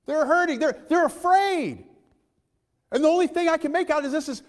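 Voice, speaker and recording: A man preaching a sermon in a church, impassioned, swinging from loud calls to hushed asides and asking his listeners questions. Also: very high-pitched, normal speed, long reverb tail.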